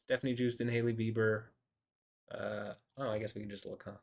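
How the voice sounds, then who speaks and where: Brief: indignant man, lowish voice, rambling vlog commentary with lots of fillers. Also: level tone, fairly quick, gravelly, a little mellow. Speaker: video host.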